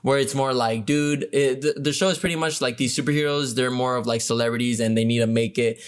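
A man's voice: mid-range voice, steady tone, brisk, smooth. A man co-hosting a podcast, chatting casually about shows and movies, with lots of fillers and slang. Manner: laid-back, lots of fillers, says bro and dude. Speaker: podcast co-host. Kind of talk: casual chat.

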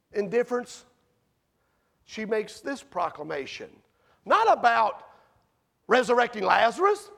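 A man preaching a sermon, full of rhetorical questions to the congregation and sharp swings between loud and quiet. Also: very high-pitched, gravelly. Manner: rises and drops sharply in loudness.

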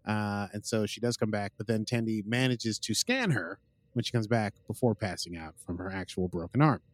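A man's voice: on the low side, normal speed, dry recording. Rambling man recapping an episode. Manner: rambling, fills gaps with uh and like, quotes characters. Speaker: podcast host.

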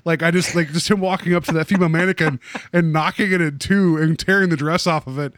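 A man's voice: a little high, fairly even intonation, fast talker, fairly bright tone, no echo. Rambling man, dry close sound. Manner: rambling, many fillers and restarts. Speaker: podcast co-host. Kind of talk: casual chat recapping a TV episode.

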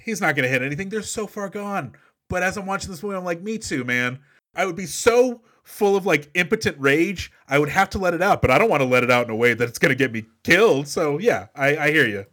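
A man co-hosting a movie podcast, chatting in an emphatic, animated way. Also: fairly high pitch, quick pace. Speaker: podcast co-host. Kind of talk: casual movie podcast chat.

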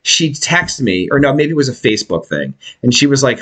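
A man's voice: medium pitch, moderate pace, hardly any pauses. A man hosting a podcast, telling a rambling, profane story in casual chat and swearing freely. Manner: animated, swearing, puts on voices for people he quotes. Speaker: podcast host.

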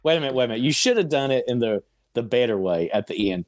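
A man's voice: medium pitch, lively intonation, fast talker, no room sound, clean studio sound. A man co-hosting a casual movie podcast, cutting in with sarcastic, teasing remarks. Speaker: podcast co-host.

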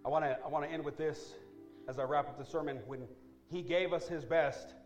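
Emphatic preaching man, soft music behind. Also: fairly even intonation, brisk. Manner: preaching with rising, emphatic build-ups and soft, low appeals. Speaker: pastor. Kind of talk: sermon with altar call. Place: church sanctuary.

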